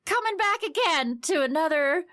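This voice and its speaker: A woman with a high voice hosts a comedy podcast and chats casually. She talks in a quick, joking way and laughs often. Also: lively intonation, fairly bright tone. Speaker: podcast host.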